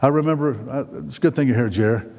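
A man's voice: mid-range voice, fast talker, a little mellow. A middle-aged man preaching a sermon in a church hall, rambling with many fillers and restarts and putting questions to the congregation. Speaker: pastor.

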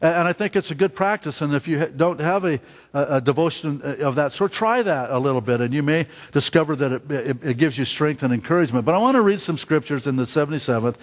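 Halting preacher man in a reverberant hall. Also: fairly high pitch, lively intonation. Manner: halting, many fillers and restarts, asks the congregation questions. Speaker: pastor. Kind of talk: sermon.

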